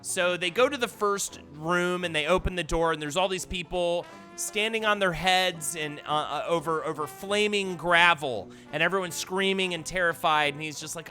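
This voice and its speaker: A man hosting a live stream reads jokes aloud in a bright, slightly high voice, laughing along as he goes. He tells long stories with plenty of playful asides. Faint music plays behind him. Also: normal speed. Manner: playful joke-telling, laughs often. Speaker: host.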